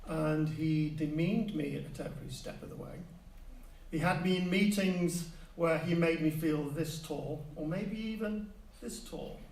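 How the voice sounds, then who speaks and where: A middle-aged man from Manchester with a Mancunian accent, telling a humorous personal story to an audience in a playful, animated way. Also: a little high, a little slow, distant mic. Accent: Mancunian English. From Manchester, England. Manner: playful, animated, with mock sound effects. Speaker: public speaker. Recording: echoey room, voice a little off-mic, faint ambience.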